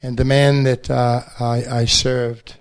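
An older New Zealand man with a New Zealand accent, a pastor, shares his faith testimony at a banquet, leavening it with gentle self-deprecating humor. His voice sits at a medium pitch with little movement, and he takes his time.

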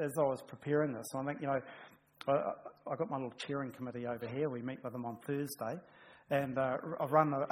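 A man's voice: medium pitch, slight background noise, rough recording. A man, a pastor, preaching a sermon in a chatty, humorous way, often restarting his sentences.

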